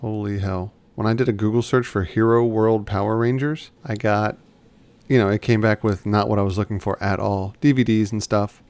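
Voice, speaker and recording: A man's voice: fairly low pitch, fairly even intonation, normal speed, a little mellow, clean tone. A man co-hosting a podcast in casual chat, rambling and often restarting his sentences. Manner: chatty, rambling, self-correcting. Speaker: podcast co-host.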